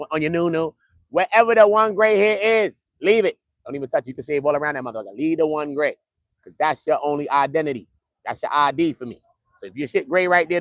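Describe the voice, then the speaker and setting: A man streaming trial updates from outside a courthouse, joking in loose street talk that swings from loud to muttered. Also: fairly high pitch, no echo, clean studio sound. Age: adult, at least 55. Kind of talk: casual live-stream chat. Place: outdoors near a courthouse.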